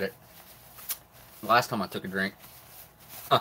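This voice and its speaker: A man's voice: on the low side, fairly even intonation, measured pace, long pauses, pushed and bright, slight background noise. A middle-aged man hosts a live stream, chatting casually about rations while eating, often with his mouth full. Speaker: live stream host reviewing military rations.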